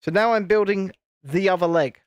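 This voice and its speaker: A man's voice: high voice, moderate pace, clear, resonant tone, no echo, clean studio sound. A man, hosting a casual live stream, chatting and teasing while he builds a model. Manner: chatty, teasing, self-deprecating.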